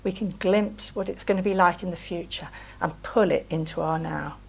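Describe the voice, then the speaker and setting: A woman giving a gentle, conversational sermon, often asking the listeners tag questions. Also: on the low side, moderate pace, gravelly, slightly rough, poor audio. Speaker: preacher.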